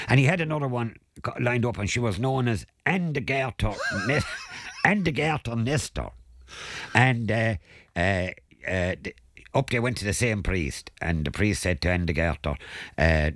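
Lively older Irish storyteller man. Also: fairly low pitch, moderate pace, no room sound, studio quality. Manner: anecdotal storyteller, chuckles at his own jokes. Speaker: weekly guest contributor. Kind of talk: rambling radio chat.

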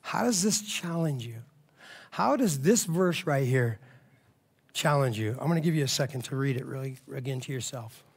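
A man preaching a sermon, talking casually to the congregation, moving between quiet, reflective stretches and loud, excited bursts. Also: mid-range voice, moderate pace, slightly rough. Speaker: pastor.

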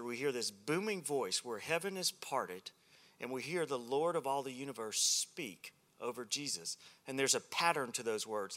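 A man's voice: mid-range voice, pushed and bright. A man preaching a humorous sermon at a men's ministry, a self-deprecating and joking storyteller.

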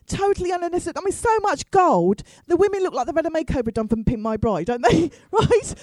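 A woman's voice: extremely high pitch, sing-song, fast talker, a little mellow, no room sound, rough recording. A middle-aged woman telling a comic story to an audience, chatty and self-mocking with asides to the crowd. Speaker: storyteller on stage.

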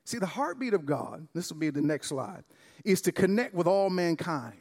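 A man's voice: sits high, animated, normal speed, a little mellow, big-room sound. A man preaching a sermon to a church congregation, exuberant and calling out to them. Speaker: pastor. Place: church service.

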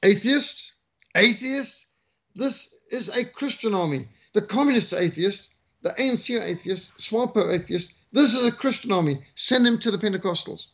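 A man's voice: high-pitched, moderate pace, fairly bright tone, pitched above the performer's own voice. A man voicing a stern army sergeant major who bellows his orders. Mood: bellowing. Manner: bellowing, indignant.

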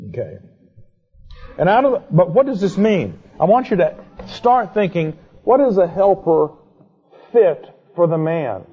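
A man giving a conversational Bible lecture, asking quick rhetorical questions and adding playful asides. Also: high-pitched, big pitch swings, slightly rough. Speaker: Bible teacher. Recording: dull lo-fi recording.

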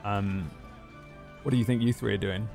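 A man's voice: lowish voice, fairly even intonation, moderate pace, gravelly, darkish tone, faint music behind. A man narrating as game master of a tabletop game, loose and rambling with many fillers.

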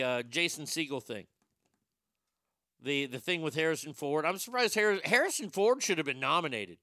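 A man's voice: on the high side, sharp tone, smooth, no echo, clean studio sound. A man in casual, rambling commentary, sarcastic and profane as he thinks aloud.

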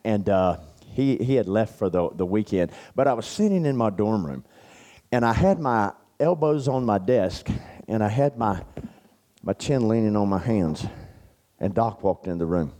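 A man's voice: fairly low pitch, expressive, moderate pace, warm tone. A man speaking at a men's church camp, telling stories in a folksy, anecdotal sermon with lots of fillers. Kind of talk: storytelling sermon.

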